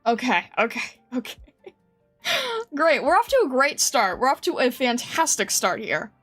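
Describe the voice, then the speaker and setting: A woman's voice: on the high side, big pitch swings, normal speed, a bit bright, soft background music. A woman streamer chatting casually with her viewers, giggling often and reading their comments aloud in a flustered way. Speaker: game streamer.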